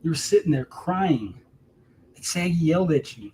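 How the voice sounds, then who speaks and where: A man's voice: on the high side, expressive, normal speed, a little mellow, a little hiss or hum, poor audio. A man delivering a heated, profane callout rant to camera, repeating himself and mocking his target. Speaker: streamer.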